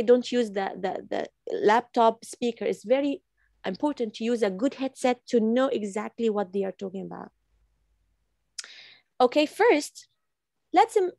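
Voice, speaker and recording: A woman's voice: a little high, a little mellow, no echo, clean studio sound. A woman from Iran teaching an online English class, repeating phrases patiently for her learners over a video call. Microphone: computer mic on video call.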